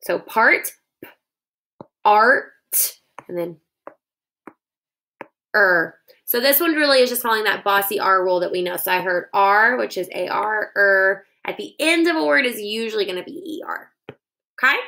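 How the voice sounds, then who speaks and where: A woman's voice: medium pitch, expressive, a little fast, sharp tone, low-quality recording. A young woman teaching children a phonics dictation lesson, sounding out words syllable by syllable into her phone.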